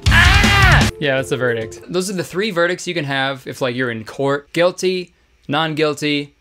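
A man's voice: a little high, moderate pace, a bit bright, soft background music. A man doing comedic commentary while playing a story game, sarcastic and jokey, swearing often. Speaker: comedy YouTuber.

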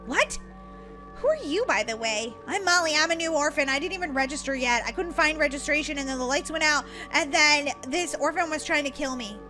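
A woman's voice: high voice, expressive, fairly quick, music in the background. A woman role-playing in a game, talking dramatically, squealing and gasping, swinging from panic to jokes. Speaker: gamer playing as a character in a roleplay. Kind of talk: excitable game role-play chat.

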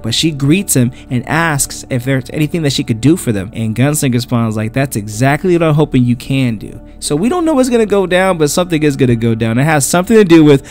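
Animated man recapping a comic book. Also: a little high, fast, hardly any pauses, soft background music. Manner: chatty, slangy storytelling.

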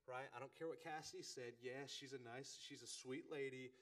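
A man's voice: mid-range voice, steady tone, normal speed, a bit bright. A man, preaching a casual sermon in a folksy, joking way and often repeating words. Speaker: pastor.

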